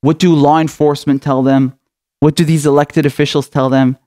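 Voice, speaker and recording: A man's voice: on the high side, flat delivery, moderate pace, warm tone. A man hosting a political commentary show, delivering an impassioned, outraged rant full of swearing.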